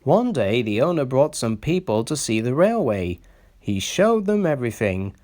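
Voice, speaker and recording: A man narrating a children's storybook in an expressive storytelling manner. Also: mid-range voice, normal speed. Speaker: reader.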